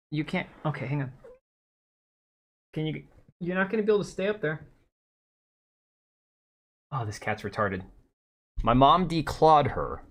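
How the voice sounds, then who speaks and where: This live-stream host has a mid-range, fairly bright voice. He keeps things casual, mocking the clips he watches with sarcastic remarks and talking to viewers and his cat.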